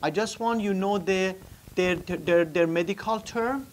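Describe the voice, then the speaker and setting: A man's voice: high voice, unhurried, a little hiss or hum. A man teaching anatomy to a live class, asking students questions and repeating key terms while writing on the board. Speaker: anatomy instructor. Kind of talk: classroom lecture.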